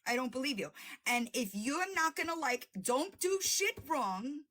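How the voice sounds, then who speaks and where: A woman livestream host delivers a confrontational call-out full of swearing and taunts. Her voice sits high and swings widely in pitch as she presses each point. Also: very animated, unhurried, a bit bright, a little hiss or hum. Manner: confrontational, profane, mocking.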